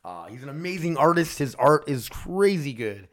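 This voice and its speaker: A young man hosting his own solo podcast, talking in a loose, excitable, rambling way and swearing casually. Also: on the high side, moderate pace. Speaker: podcast host.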